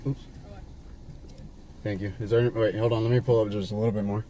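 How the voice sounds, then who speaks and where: A man's voice: lowish voice, flat delivery, fast talker, warm tone, a little hiss or hum. A man from Las Vegas rambles to a stranger from inside his car, swearing and padding his story with fillers and restarts while his camera records. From Las Vegas, USA. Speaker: vlogger filming a street encounter. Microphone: handheld camera inside the car.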